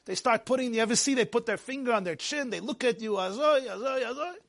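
A man teaching a Torah class, animated and joking, mixing Yiddish and Hebrew words into his English while telling stories. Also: extremely high pitch, fast talker. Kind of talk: lecture with storytelling.

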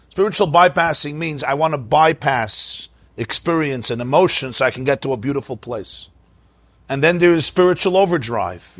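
A man giving a Torah class as a rabbi, lively and questioning, with mock-cheerful asides. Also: a little high, husky, no echo.

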